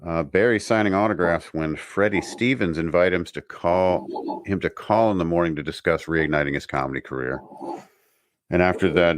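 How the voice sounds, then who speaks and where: Deep-voiced man recapping plot dryly. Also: no room sound. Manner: reads plot summary, dry jokes. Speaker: podcast co-host recapping episodes. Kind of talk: casual podcast chat.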